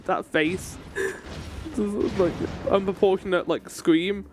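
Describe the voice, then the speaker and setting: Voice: medium pitch, fairly even intonation, slow pace, darkish tone, soft background music. A game streamer chatting casually and reacting to cutscenes, sometimes swearing. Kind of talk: casual gameplay commentary.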